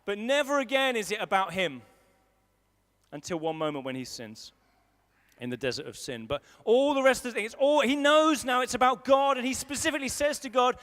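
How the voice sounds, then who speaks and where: High-voiced man preaching in a hall. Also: expressive, a little fast, a bit bright. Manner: conversational, emphatic repetition. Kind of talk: sermon. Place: large school hall at a church service. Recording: long hall reverb from a live service.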